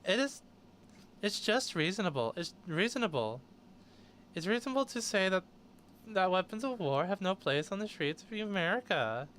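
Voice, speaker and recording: A man's voice: high-pitched, sing-song, normal speed, a bit bright, slight background noise, pitched above the performer's own voice. A man doing a mocking valley girl impression of a preachy female politician. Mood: insistent. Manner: mocking parody.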